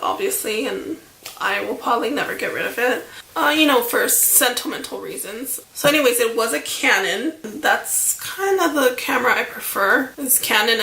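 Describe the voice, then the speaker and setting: A woman's voice: fairly high pitch, creaky, bright, forceful tone, echoey room. A woman vlogger rambling through a casual storytime chat, full of fillers and asides, a little emotional. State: emotional, near tears.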